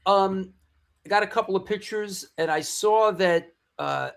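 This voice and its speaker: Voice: medium pitch, measured pace, vocal fry. A host running a live online show, introducing a guest and bantering playfully. The talk is easygoing and full of jokes. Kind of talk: casual chat.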